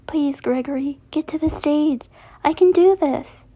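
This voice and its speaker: An earnest little girl, as a woman reads her in a raised, bright storybook voice. She sounds small, scared and brave at once. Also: high voice, a little slow, voice pushed up. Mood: pleading.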